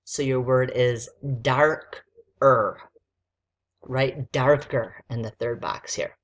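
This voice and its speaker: A woman's voice: extremely low pitch, fairly even intonation, drawn-out words, pauses often. A woman teacher giving a spelling lesson to a child, patiently spelling words out letter by letter.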